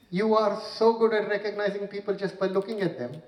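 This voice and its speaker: Stand-up comic, male, fairly high voice, deadpan timing, caught in an echoey venue. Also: a little fast, few pauses, far from the mic. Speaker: stand-up comedian. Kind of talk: stand-up comedy set. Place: stage in a large room with an audience.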